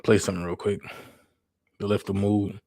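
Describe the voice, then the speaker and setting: A man hosting a casual livestream chat, giving his opinion in a blunt, candid, unhurried way. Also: lowish voice, level tone, gravelly, warm tone, no room sound. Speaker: livestream host.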